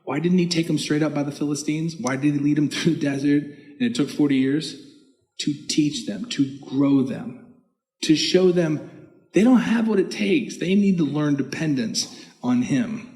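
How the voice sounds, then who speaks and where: A man preaching a sermon as pastor, animated, reading scripture aloud in old-fashioned wording. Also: fairly high pitch, normal speed. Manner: animated preaching with short laughs. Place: church sanctuary. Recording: long reverb of a church hall.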